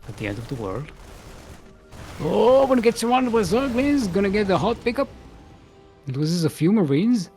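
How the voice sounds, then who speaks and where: A man's voice: sits high, big pitch swings, normal speed, pauses often, a little mellow, faint music behind. A man commentating a live strategy game match in a casual, playful way, often laughing and joking between play calls. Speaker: esports caster.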